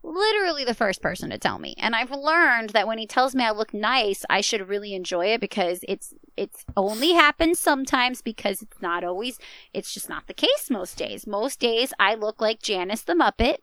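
A woman's voice: fairly high pitch, sing-song, moderate pace, fairly bright tone, clear, resonant tone, no echo. A young adult woman co-hosting a casual chat podcast, playful and teasing, keeping the talk going with questions. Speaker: podcast co-host.

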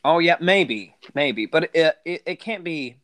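A man's voice: on the high side, expressive, unhurried, a bit bright, no room sound. A man hosting a podcast in casual chat, rambling with lots of fillers and restarts. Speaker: podcast host.

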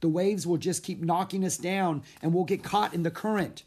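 A man's voice: high voice, fairly even intonation, normal speed, darkish tone, slightly rough, pitched above the performer's own voice. A man reading a storybook aloud and voicing an anxious, cautious young boy with a raised, urgent delivery. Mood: alarmed.

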